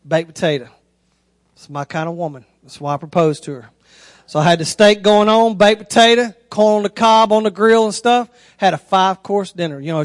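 A man's voice: no echo, studio quality. A man, preaching a sermon through a folksy, conversational story. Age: 30s. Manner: folksy, conversational storyteller, voice rises high when excited.

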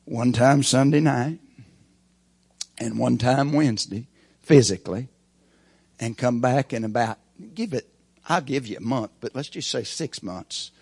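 Gravelly preacher. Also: male voice, mid-range voice, measured pace, pauses often, darkish tone, no room sound. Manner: folksy, emphatic storytelling. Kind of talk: sermon.

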